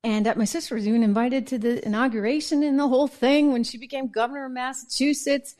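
A woman hosting a political talk show speaks in a fairly high voice. She argues her case in an emphatic, conversational way. She keeps turning to the viewer with quick check-ins. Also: steady tone, darkish tone. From New England. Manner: emphatic, conversational, asks viewers "right?" and "okay?". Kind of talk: opinion monologue.

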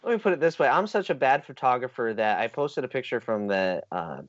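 A man's voice: medium pitch, animated, fairly quick, dry recording. A man hosting a casual podcast, joking about himself in a loose chatty way. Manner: self-deprecating, joking. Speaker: podcast host. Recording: dry, dull lo-fi audio.

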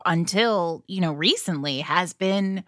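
A woman's voice: on the low side, unhurried, a bit bright, dry recording, studio quality. A woman hosting a podcast interview, adding context and reacting to her guest. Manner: engaged, adds context. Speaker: podcast host. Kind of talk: interview chat.

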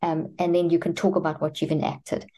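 A woman with a lowish, mellow voice, speaking as a guest expert in an interview. She lays out her method in order, step by step, and slips into short exchanges between parent and child. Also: level tone, a little fast. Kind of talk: explanatory interview answers.

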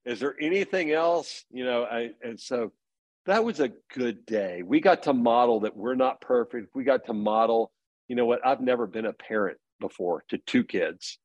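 A man's voice: medium pitch, lively intonation, moderate pace, darkish tone, no echo. A middle-aged man as a podcast guest, earnestly telling stories about parenting in casual conversation. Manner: earnest storytelling.

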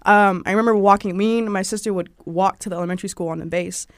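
A young woman from Georgia, USA, with a Southern drawl, tells personal anecdotes in a chatty interview where she's the guest. Her medium-pitched voice moves at a quick pace, full of "like" fillers and animated quoted voices. The studio-quality recording carries no echo.

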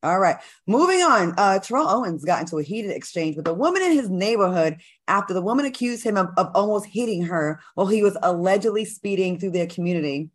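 A woman's voice: mid-range voice, expressive, fast, hardly any pauses. A woman co-hosting a casual news talk show, speaking in a conversational, chatty way with many fillers. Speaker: co-host.

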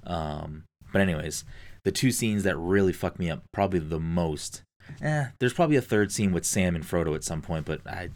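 A man's voice: low voice, animated, moderate pace, a little mellow. A man chatting casually and enthusiastically, swearing often and using lots of fillers. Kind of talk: casual podcast chat.

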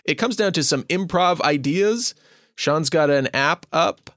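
A man's voice: a little high, lively intonation, a little slow, a bit bright, no room sound, studio quality. A man co-hosting a casual chat about tabletop characters, speaking thoughtfully and restarting his phrases. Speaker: podcast co-host and player.

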